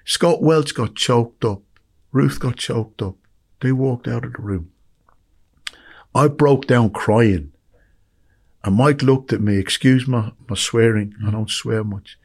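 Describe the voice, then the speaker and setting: Middle-aged Irish man, husky voice, emotional storyteller, emphatic. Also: mid-range voice, slow pace, pauses often, darkish tone. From Ireland. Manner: heartfelt, emphatic, repeats words for emphasis. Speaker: podcast guest.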